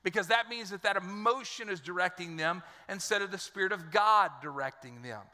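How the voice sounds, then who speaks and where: A middle-aged man preaching to his church in a high, very bright voice. He tells folksy, joking stories as he builds toward his point. His words trail off in the long reverb of a large church hall. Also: fairly quick. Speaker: pastor. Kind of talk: sermon. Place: church auditorium.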